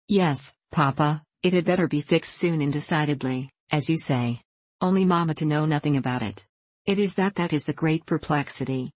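A woman reading the part of a proud, passionate young gentlewoman who speaks earnestly and pleads. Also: sits low, moderate pace, dry recording. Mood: pleading.

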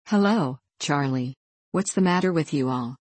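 A woman's voice: low-pitched, moderate pace, a little mellow, breathy edge, dry recording. A woman voicing a boisterous male gold-rush adventurer about to turn thirty, speaking in a hearty, folksy way that calls out to a whole room.

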